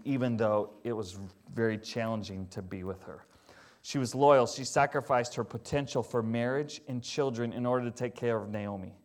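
A man preaching a sermon in a conversational, animated way. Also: mid-range voice. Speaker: pastor.

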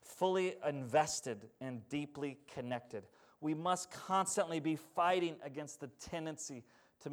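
A man preaching a sermon as pastor, swinging from loud urgent passages to quiet earnest ones and calling out to the congregation for responses. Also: on the high side, unhurried.

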